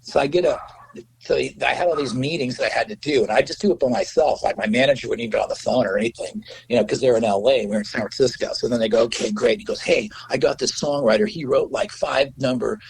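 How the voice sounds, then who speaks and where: A man's voice: medium pitch, racing, vocal fry, a little mellow, a little hiss or hum, rough recording. A middle-aged man, a musician guest, telling stories in a rambling, casual way, full of "you know" and swearing. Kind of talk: casual storytelling.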